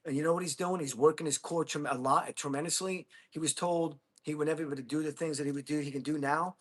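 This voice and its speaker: A man in his fifties chats loosely on a livestream, drifting from one thought to the next and calling his viewers buddy and bro. His voice sits a little high for a man, and he talks in a relaxed, friendly way. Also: fast. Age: 50s. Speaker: livestream host. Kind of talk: casual livestream chat with viewers.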